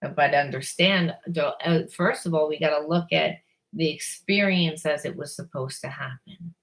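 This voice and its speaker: Lady doing a psychic card reading, kinda low voice, rambles, repeats herself, swears a bit. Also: normal speed. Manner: rambling, repeats words and restarts; blunt, swears casually. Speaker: psychic reader. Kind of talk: spiritual card-reading monologue.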